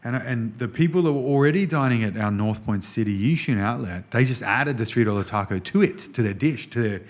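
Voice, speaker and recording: An Australian man guesting on a podcast, telling business stories in a casual, animated way and often saying "man". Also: medium pitch, a little fast. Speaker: restaurant executive guest.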